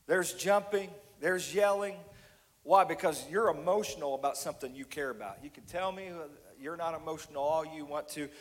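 An impassioned male pastor preaching with a fairly high voice, climbing to near shouts and then sinking to hushed words. His voice rings out with a long reverb tail, as in a large hall. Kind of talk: sermon.

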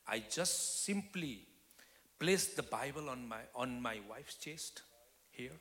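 A man giving a testimony sermon as a guest speaker, swinging from loud declarations to hushed whispers. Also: fairly high pitch, lively intonation, a little slow. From Nepal. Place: church hall. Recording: long reverb of a church hall.

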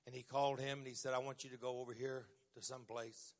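A middle-aged man preaches a sermon, speaking fast in a mid-range voice with a flat delivery. He shifts from quiet storytelling to loud, emphatic lines with drawn-out words.

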